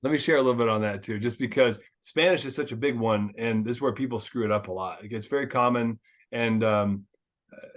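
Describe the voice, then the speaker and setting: A man's voice: medium pitch, brisk. A man hosting a casual business chat, talking in a chatty way with lots of filler words.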